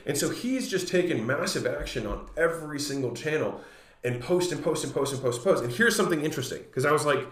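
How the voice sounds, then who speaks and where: A man in his thirties hosting a podcast, talking in a relaxed, chatty way full of "like" as he retells a conversation. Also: fairly high pitch, quick pace. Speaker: podcast host. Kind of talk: casual solo monologue. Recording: roomy echoey room.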